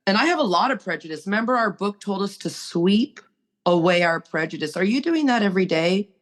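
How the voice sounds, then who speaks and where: An earnest woman speaking on a recovery podcast, preaching to listeners with conviction. Her voice sits at a middle pitch. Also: animated, fairly quick. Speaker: recovery group member.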